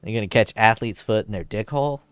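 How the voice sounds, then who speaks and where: Low-voiced crude joking streamer man. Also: fast talker, a bit bright, smooth, no echo. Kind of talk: casual stream chat.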